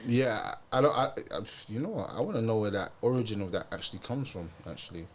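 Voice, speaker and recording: A young man, chatting casually in a group discussion and telling animated stories packed with slang and fillers. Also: lowish voice, fast talker. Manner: animated storyteller, full of street slang and fillers.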